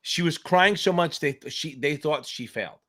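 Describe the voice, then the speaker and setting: A male exam tutor hosts a live question-and-answer stream in a loose, joking way. He rambles and swears freely in a slightly high voice. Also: moderate pace, pushed and bright. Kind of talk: casual live-stream chat.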